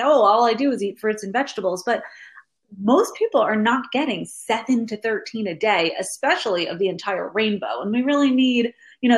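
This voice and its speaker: Woman, thirties, guest, chatty, explaining, medium pitch. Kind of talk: casual interview chat.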